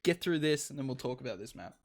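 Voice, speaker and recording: A man's voice: medium pitch, lively intonation, fast, vocal fry. A man casting a live esports match play-by-play, laid-back and self-deprecating, laughing often.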